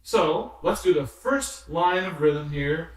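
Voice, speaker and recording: A man teaching basic music, speaking slowly and patiently in a fairly high voice. He is picked up from a little way off in a very echoey room, and the reverb rings behind every word. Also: lively intonation. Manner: patient, counts rhythms and sings solfege aloud. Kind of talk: slow instructional explanation. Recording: very echoey room, somewhat distant mic.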